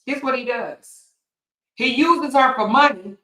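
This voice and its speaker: A woman's voice: sits high, a little slow, sharp tone, reverberant, low-quality recording. A woman hosting her own show, delivering a heated commentary rant with blunt, profane language and repeated points for emphasis. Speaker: commentary host.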